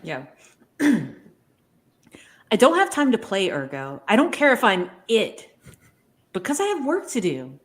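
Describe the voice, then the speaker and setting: A woman's voice: a little high, huge pitch swings, takes it slowly, pauses often. A woman co-hosting a podcast, chatting casually and reading a passage aloud. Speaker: podcast co-host.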